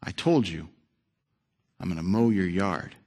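A man voicing a calm, kindly old neighbor who speaks quietly and firmly. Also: sits low, pitched below the performer's own voice. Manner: quiet, slow, immovable.

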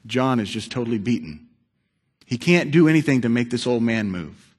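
A man preaching a sermon, telling a story with dramatic shifts between loud and hushed delivery. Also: medium pitch.

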